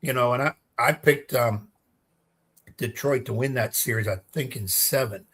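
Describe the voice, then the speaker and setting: A middle-aged man co-hosting a casual sports talk show as a coach, measured and reflective, laughing easily. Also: medium pitch, a bit bright, breathy edge. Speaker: co-host, coach.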